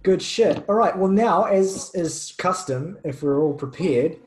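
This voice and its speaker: A man's voice: high-pitched, lively intonation, unhurried, a little mellow, a little hiss or hum, poor audio. A man hosting a casual music podcast, talking loosely with plenty of fillers. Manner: chatty, loose, lots of fillers. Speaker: podcast host.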